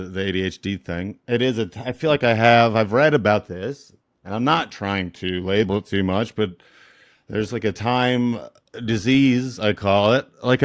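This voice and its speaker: Wry joking man, lowish voice. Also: no room sound, clean studio sound. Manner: wry, deadpan joker. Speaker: comedian guest in couples therapy talk. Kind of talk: casual chat.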